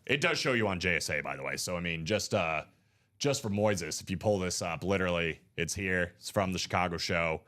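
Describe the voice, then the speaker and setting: A man's voice: low-pitched, fairly quick, pushed and bright. A man hosting a live card break stream, with upbeat, slangy hype chatter.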